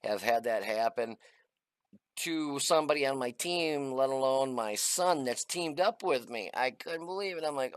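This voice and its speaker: A man's voice: medium pitch, expressive, unhurried, no room sound. A middle-aged man casually talking through a replay of his tank game, chatty and folksy with lots of "uh" fillers. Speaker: gaming channel host. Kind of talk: casual gameplay commentary.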